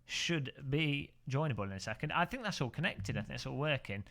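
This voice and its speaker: A man's voice: mid-range voice, sing-song, fairly quick, a bit bright. A man from England, chatting casually on a sim racing live stream, rambling and joking as he corrects himself.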